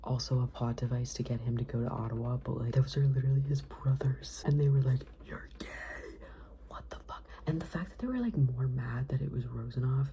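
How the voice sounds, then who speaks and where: A woman book vlogger reading a novel aloud and reacting excitedly, often dropping into a whisper. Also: a bass voice, fast, few pauses, noisy background.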